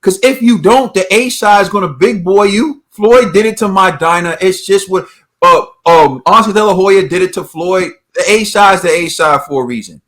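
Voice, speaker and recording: A man's voice: high-pitched, moderate pace, a bit bright. A man co-hosting a boxing talk show, ranting emphatically with repeated rhetorical questions. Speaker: boxing podcast co-host. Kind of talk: heated opinion rant.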